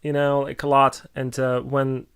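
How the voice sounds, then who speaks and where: Halting Russian-accented man with smooth voice. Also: mid-range voice, monotone, a bit bright. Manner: halting, many restarts and filler sounds. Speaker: streamer answering viewer questions. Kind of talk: casual live-stream chat.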